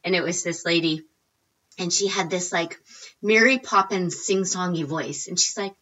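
A woman in her forties telling a lively story as an interview guest, acting out quotes with big jumps in her voice. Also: normal speed, lo-fi sound. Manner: animated, acts out quotes with big pitch jumps. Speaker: guest, recipe blogger.

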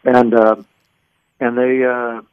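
A man's voice: mid-range voice, flat delivery, slow pace, smooth, no room sound. A middle-aged man from Kansas City, a voice actor, telling a rambling story on a phone call, full of restarts and fillers. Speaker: voice actor guest. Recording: tinny phone line, dry.

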